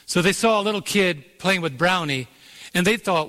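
A man preaching a sermon, telling a story and then building to emphatic points with dramatic slow-downs. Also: high-pitched, pushed and bright, in a large hall. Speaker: pastor.

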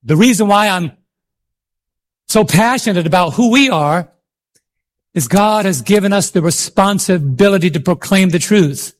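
A high-pitched man preaches with fervor, throwing questions out to the congregation and urging them to answer. His delivery is a passionate sermon, full of calls and repetition. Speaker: pastor.

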